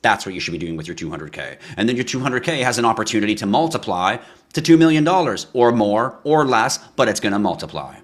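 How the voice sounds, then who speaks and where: A man hosting a livestream, answering chat questions in a ranting style with swearing and sudden bursts of yelling. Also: lowish voice, sing-song, quick pace.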